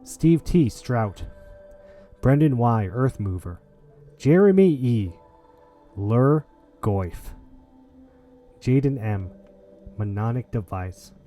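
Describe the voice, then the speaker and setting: A man hosting a gaming league podcast, chatting in an excitable, jokey way with lots of restarts. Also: medium pitch, slow, pauses often, faint music behind. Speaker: podcast host. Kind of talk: casual podcast chat and wrap-up.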